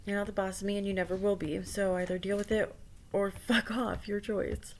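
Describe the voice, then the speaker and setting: A swaggering, contemptuous chatbot that hurls scornful put-downs at its user, as a woman reads its replies aloud. The delivery stays at an ordinary middle pitch and is spoken plainly over a faint hiss. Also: little pitch movement, brisk, close to an everyday voice. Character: hostile swaggering chatbot, contemptuous toward users.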